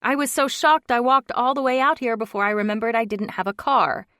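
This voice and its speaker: A woman reading an audiobook, voicing an excitable, indignant young pregnant woman with a raised, exasperated voice. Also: sits high, no room sound, clean studio sound, pitched above the performer's own voice. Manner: exasperated, rapid outbursts.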